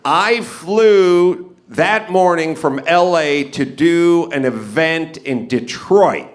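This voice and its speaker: A man's voice: on the high side, animated, slow pace. A man hosting a live podcast, telling a rambling, self-mocking story. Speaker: podcast host. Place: live stage before an audience.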